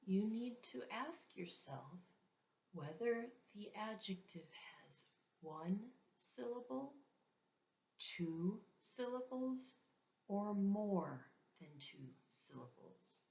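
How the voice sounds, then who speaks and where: Woman teacher, very slow, gravelly voice, careful repetition, dull lo-fi sound. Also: medium pitch, animated, darkish tone. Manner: careful, repeats words for learners. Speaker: English teacher. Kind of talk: slow, deliberate language lesson. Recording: dull lo-fi recording.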